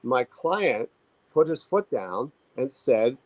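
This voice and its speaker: A man speaking as a therapist and author in an interview, thoughtful and halting, restarting his sentences often. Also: mid-range voice, very animated, no room sound, rough recording. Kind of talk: conversational expert interview.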